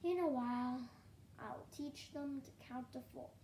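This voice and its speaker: Storybook owl teacher, woman reading, drowsy soft hoots, slow, roomy echo. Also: high voice, slight background noise. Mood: dreamy. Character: sleepy old male owl schoolteacher, gentle.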